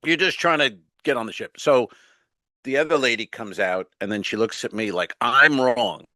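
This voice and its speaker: A man's voice: mid-range voice, normal speed, bright, forceful tone, no room sound. A man co-hosting a comedy podcast, telling a story in casual chat and acting out the other people's lines.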